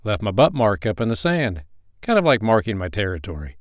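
A male narrator doing a playful young man in an audio story, confident and jokey, with a low voice. He gives easy little orders with a grin in them. The sound is dry and close. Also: big pitch swings, a little fast, no room sound. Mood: teasing. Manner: teasing, jokey, upbeat and commanding.

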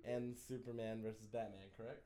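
A man's voice: on the low side, flat delivery, a little fast, dark tone. A young man co-hosting a podcast in casual chat, teasing his friends and swearing freely. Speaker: podcast co-host.

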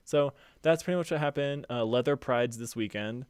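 A man's voice: mid-range voice, moderate pace, darkish tone, clean tone, no echo, studio quality. A young man co-hosting a podcast, chatting casually and rambling with many fillers and swear words. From Utah, USA. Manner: rambling, lots of fillers and profanity. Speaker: podcast co-host. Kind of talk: casual chat.

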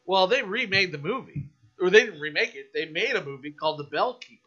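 A man guesting on a podcast, telling a story in a casual, animated, profane rant. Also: sits high, quick pace, muffled recording.

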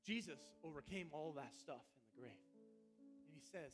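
A man's voice: fairly high pitch, expressive, a little fast, over music. A man preaching a fiery sermon in a church. He repeats his calls again and again and rouses the congregation. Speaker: pastor. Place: church sanctuary.

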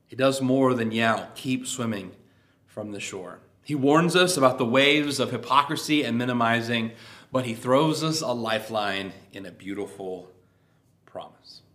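A man preaching a sermon, reading scripture aloud in a measured way and letting the ends of his phrases fall away. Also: mid-range voice, a bit bright. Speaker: pastor.

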